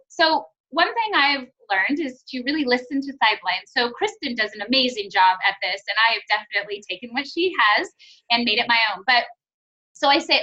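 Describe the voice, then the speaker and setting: A woman's voice: fairly high pitch, animated, fairly quick, bright, forceful tone, lo-fi sound. A woman coaching her sales team on a conference call, enthusiastic and acting out sales conversations. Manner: enthusiastic, acts out sales dialogues. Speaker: network marketing team trainer.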